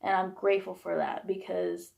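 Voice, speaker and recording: A woman's voice: fairly low pitch, little pitch movement, moderate pace, gravelly, a little mellow, dull audio. A young woman in her twenties venting bluntly and heatedly about her upbringing, swearing freely in a candid vlog. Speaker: vlogger. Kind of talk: candid personal rant.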